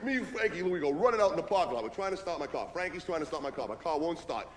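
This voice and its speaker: A man's voice: fairly high pitch, animated, rapid-fire, long reverb tail, close to an everyday voice. An actor playing a brash, streetwise young man who rambles through a story in ungrammatical slang and keeps asking "right?" in a stage monologue. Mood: boastful. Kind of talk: theatrical comic monologue.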